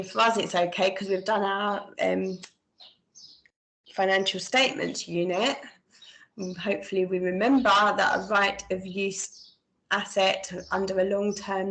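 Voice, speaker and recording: A woman's voice: medium pitch, vocal fry, low-quality recording. A woman talking students through an accounting exam paper, informal and thinking aloud as she goes. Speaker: accounting tutor. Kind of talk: screen-share exam walkthrough.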